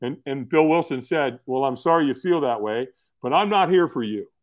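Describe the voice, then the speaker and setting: A man's voice: medium pitch, normal speed. A middle-aged man, telling his story casually as a podcast guest in an earnest, folksy way. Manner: earnest, folksy, repeats words when starting sentences.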